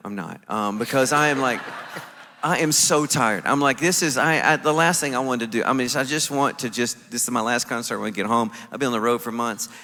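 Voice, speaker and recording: A man telling a story to a conference audience from the stage, acting out his own reactions as he goes. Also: on the low side. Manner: animated, acts out his own quoted reactions. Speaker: conference speaker. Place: conference stage in a large venue. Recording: echoey large hall.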